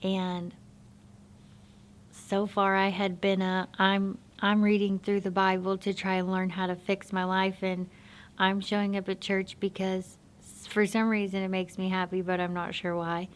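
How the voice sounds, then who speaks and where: Slow, even-toned woman sharing testimony. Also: mid-range voice, clear, resonant tone. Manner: soft-spoken, halting, reflective. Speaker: person sharing her testimony. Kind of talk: personal faith testimony.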